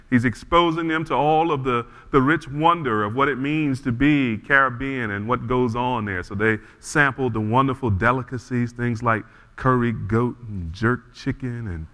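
A man preaching a sermon, telling a story in an animated way before he reads scripture and leads a prayer. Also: medium pitch, moderate pace, in a large hall. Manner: animated storyteller, frequent restarts. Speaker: pastor.

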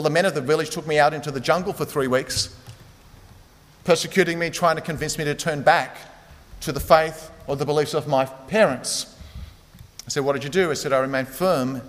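Male preacher in a reverberant hall. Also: a little high. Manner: conversational storytelling, many fillers. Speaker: pastor. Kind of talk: sermon.

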